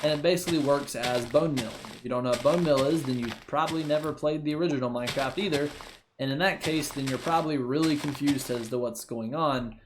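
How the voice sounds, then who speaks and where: A man's voice: fairly high pitch, a little fast, background noise. A young man hosting a casual game playthrough, talking in a jokey, rambling way and correcting his own slips. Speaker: gaming channel host. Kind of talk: casual let's-play commentary. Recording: music playing behind the voice.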